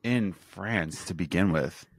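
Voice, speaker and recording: Joking American man, low-pitched. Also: slow, slightly rough, no echo, studio quality. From United States. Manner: jokey, self-deprecating. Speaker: podcast co-host. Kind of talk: casual chat.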